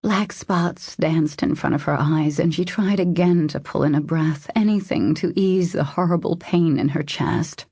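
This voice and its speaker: A woman narrating a romance audiobook in a steady, measured reading style. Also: low voice, slightly rough, dry recording, studio quality. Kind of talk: scripted narration.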